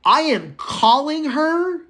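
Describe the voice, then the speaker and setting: A man teaching a public speaking class, lecturing live in a chatty, animated way, talking to students by name and going off on tangents. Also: very high voice, takes it slowly. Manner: goes off on tangents.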